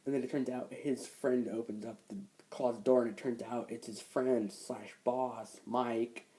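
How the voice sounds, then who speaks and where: A young man talks through a movie review in a loose, rambling way, leaning on "like" and "um" as he retells scenes. His voice is mellow and a little dark, sitting at an ordinary pitch. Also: steady tone, a little slow, rough recording. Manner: rambling, filler-heavy retelling with frequent "like". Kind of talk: casual film review.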